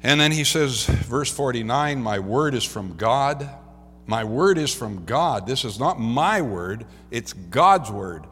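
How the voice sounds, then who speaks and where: A man preaching a sermon in a church, reading scripture and praying, swinging from loud cries to soft, low passages. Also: animated, slow, big-room sound. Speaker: pastor. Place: church sanctuary.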